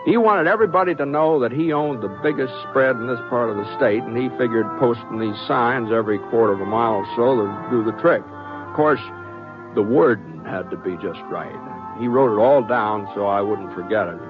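A man's voice: medium pitch, brisk, close to an everyday voice. A man as a drawling plainsman telling his story. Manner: easygoing storytelling. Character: laconic Texas plainsman telling his tale. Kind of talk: 1950s radio drama narration. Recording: dull old radio broadcast with music.

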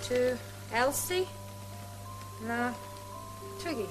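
Young woman guest, high bright voice, naive breezy manner, soft music behind. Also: expressive, extremely slow, rough recording. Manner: breezy, wide-eyed and naive. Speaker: guest star. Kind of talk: scripted TV comedy sketch.

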